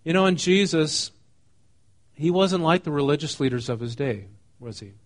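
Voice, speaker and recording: Preaching at a moderate pace, this pastor has a slightly high, expressive voice. His sermon is conversational: he reads scripture, explains it casually, and asks the congregation questions.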